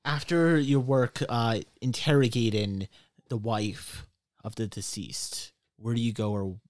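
A man running a tabletop role-playing game as game master, explaining the rules in a relaxed way with fillers. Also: medium pitch, measured pace, no room sound, studio quality.

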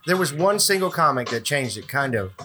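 A man hosting a casual podcast chat, laughing often and swearing, with quick asides. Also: mid-range voice, big pitch swings, music in the background. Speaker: podcast host.

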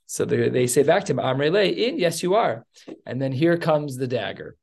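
A man leading a text study class, telling the story with animated asides. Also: medium pitch, normal speed, creaky.

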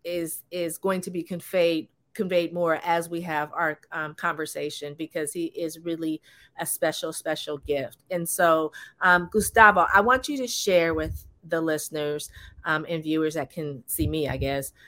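A woman hosting an interview, effusive and halting as she introduces her guest, laughing often. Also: low-pitched, fairly even intonation, fairly bright tone. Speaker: host.

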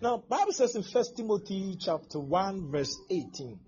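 Man, pastor, high voice, lively swings in pitch, animated sermon, dull lo-fi recording. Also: moderate pace, hardly any pauses. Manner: animated, acts out scenes with exclamations and laughter. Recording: dull lo-fi sound with faint background noise.

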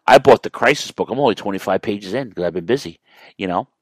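A man with a lowish voice hosts a podcast, talking casually and from the heart, stopping and restarting his sentences. He sounds like he is in his thirties. The recording is dry and close, with no room sound. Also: lively intonation, fast, dry recording. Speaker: podcast host. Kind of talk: casual chat.

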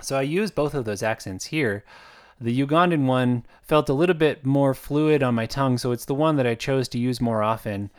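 A man speaks in a loose, conversational monologue, circling back with "um"s and restarts as he thinks aloud. His voice sits at an ordinary middle pitch, and the recording is close and dry with almost no room sound. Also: moderate pace, clean tone, no echo. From United States. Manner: rambling and conversational, with frequent fillers and restarts. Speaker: author narrating his own audiobooks. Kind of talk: casual spoken monologue.

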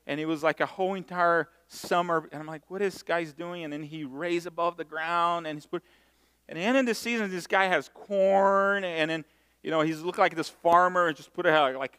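A middle-aged man from Brazil, preaching a sermon and telling stories in a self-mocking, animated way. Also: a little high, clear, resonant tone. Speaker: pastor. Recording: long hall reverb.

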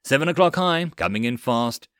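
A man voicing an eager male machine gunner who yells his calls. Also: high-pitched, lively intonation, moderate pace, no echo, studio quality, voice pushed up. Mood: excited. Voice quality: yelling.

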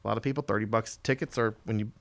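Fast, joking talk-show host man. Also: fairly low pitch, fairly even intonation, no room sound. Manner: fast-talking, jokey, prodding questions. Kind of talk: casual chat.

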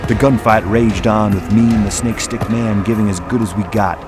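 A man narrating a dramatic first-person story in a measured, dramatic way, over a music bed. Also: fairly low pitch, fairly even intonation. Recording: music playing underneath.

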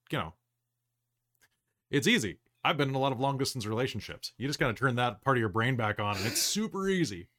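A man's voice: lowish voice, a bit bright. A man hosting a casual podcast chat as game master, rambling with lots of fillers and restarts.

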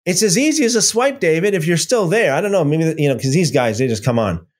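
A man's voice: on the high side, expressive, fast talker. A man hosting a casual livestream, rambling and taunting, repeating himself as he reads viewer comments. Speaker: livestream host.

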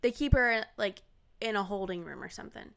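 A young woman in casual chat, telling a story with animated acted-out quotes. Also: medium pitch, fairly quick, gravelly, smooth.

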